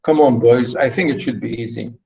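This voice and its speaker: A man's voice: mid-range voice, a little fast, creaky, warm tone, rough recording. A man lecturing students over a video call, explaining poetic meter in a rambling way with many fillers and repeats. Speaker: university literature lecturer.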